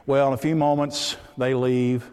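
A male preacher tells a story from the pulpit and acts out the voices of its characters. His voice sits at an ordinary middle pitch. A long reverb trails behind him, as in a large church hall. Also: normal speed, smooth. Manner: animated storyteller acting out quoted voices. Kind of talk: sermon storytelling.

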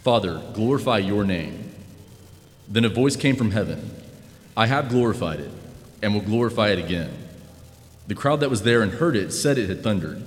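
Brief: male reader, lowish voice, measured scripture reading, long hall reverb. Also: animated.

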